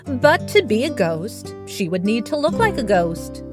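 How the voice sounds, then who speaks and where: Brief: storybook narrator, woman, slow and lively in pitch, dry sound, faint music underneath. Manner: slow, expressive and animated. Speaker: storyteller and author.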